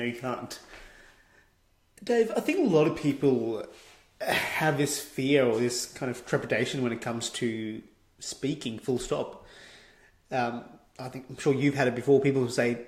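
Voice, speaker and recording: A soft-spoken man hosting a conversation, asking his questions in a calm, thoughtful way. His voice carries some echo from the room around him. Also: mid-range voice, unhurried. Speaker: podcast host, interviewer. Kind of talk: conversational interview.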